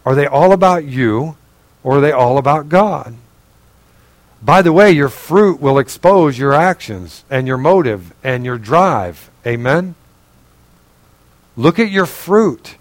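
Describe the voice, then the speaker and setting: A male pastor preaching in a conversational, earnest way, asking the congregation direct questions and swinging between raised, emphatic passages and quiet, low asides. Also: animated, takes it slowly, no room sound, low-quality recording. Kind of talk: sermon.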